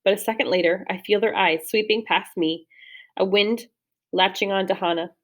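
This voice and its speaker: A woman's voice: medium pitch, moderate pace. Woman reading a novel aloud. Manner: steady storytelling read, with slips and restarts. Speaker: audiobook reader. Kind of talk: first-person novel narration.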